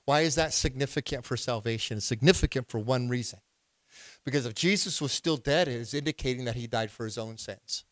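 Pastor, male, mid-pitched; sermon delivery with emphatic outbursts and questions to the pews, dry sound. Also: brisk, no echo. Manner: preaching with rising, emphatic outbursts and questions to the congregation.

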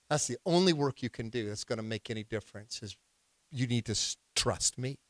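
A man preaching a sermon. His voice sits at a middle pitch and swings up into loud, emphatic bursts as he quizzes the congregation. The recording is dry and close. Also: fast talker, dry recording. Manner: preaching with rising, emphatic outbursts and questions to the congregation. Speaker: pastor.

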